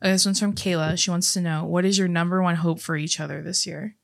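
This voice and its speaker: A woman's voice: lowish voice, steady tone, fast, creaky. A young adult woman co-hosting a podcast, chatty and affectionate, reading listener questions aloud. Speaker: podcast co-host. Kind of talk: casual chat.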